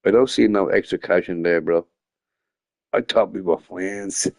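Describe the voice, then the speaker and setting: A man's voice: low-pitched, unhurried, darkish tone. A young man chatting casually on a gaming stream, rambling, swearing freely and often breaking into laughter. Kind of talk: casual live-stream chat.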